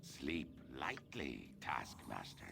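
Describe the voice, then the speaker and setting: A gravelly, grim male warrior from a fantasy video game, growling threats slowly in a dark, menacing tone. His voice is rough and measured. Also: a bass voice, huge pitch swings, exaggerated voice.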